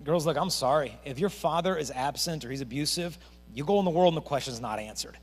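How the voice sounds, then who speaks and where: A middle-aged man giving a high-energy youth assembly talk, telling stories with acted-out voices. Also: fast. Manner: animated storytelling with acted-out voices. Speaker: chastity speaker. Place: parish hall. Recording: echoey hall.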